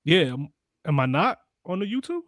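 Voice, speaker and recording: A man's voice: a little high, very animated, normal speed, fairly bright tone, no echo, clean studio sound. A young man co-hosting a casual podcast, joking in slangy talk and addressing the chat. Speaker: podcast co-host.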